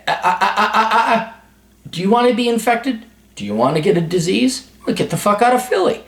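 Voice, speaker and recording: A man's voice: sits high, expressive, a little fast, fairly bright tone, echoey room. A man hosting an advice video, giving blunt, profane, sarcastic answers in a ranting monologue. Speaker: advice show host.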